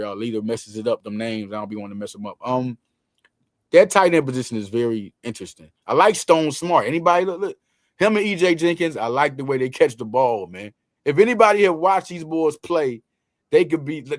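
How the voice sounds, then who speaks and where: A man hosting a casual sports talk show, talking in loose slang with lots of quick restarts. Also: a little high, no echo, clean studio sound.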